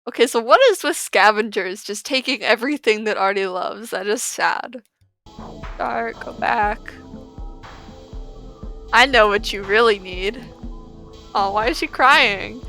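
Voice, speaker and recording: A woman's voice: fairly high pitch, normal speed, gravelly, pushed and bright, soft background music. A woman playing a text-based game, reading its passages aloud and giggling through casual reactions in between. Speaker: let's player.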